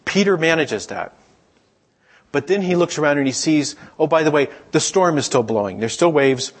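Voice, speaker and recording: Husky-voiced man preaching conversationally. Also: fairly high pitch, lively intonation, moderate pace. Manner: conversational storytelling, acts out quoted voices. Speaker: pastor. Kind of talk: sermon.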